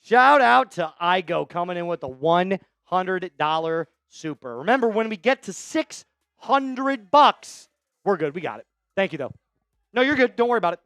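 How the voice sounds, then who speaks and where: A man hosting a live sports stream, hyped up and shouting out viewers in the chat. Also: very high-pitched, no room sound, studio quality. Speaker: livestream host.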